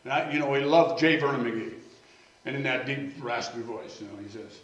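A man's voice: mid-range voice, moderate pace. A man preaching a Bible study sermon, reading scripture and then explaining it in a conversational way, often restarting his sentences. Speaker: pastor. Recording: echoey room, mic at a distance, faint noise.

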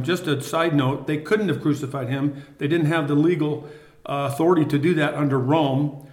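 A man reading a Bible passage aloud and stopping to explain it to a study group, with pauses and restarts. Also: fairly high pitch, steady tone, darkish tone. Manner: reads scripture then explains it with pauses and restarts. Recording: echoey room.

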